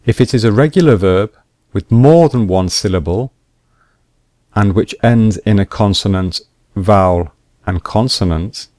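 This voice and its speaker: A man teaching English grammar rules slowly and deliberately, repeating each point with examples. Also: on the low side, a little mellow, no echo. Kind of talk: slow explanatory grammar lesson.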